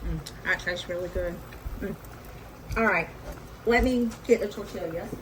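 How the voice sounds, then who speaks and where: A woman with a lower voice hosts a relaxed cooking video from her home kitchen, talking to viewers at an unhurried pace and joking about her own slip-ups as she works. Loud sizzling from a frying pan fills the background.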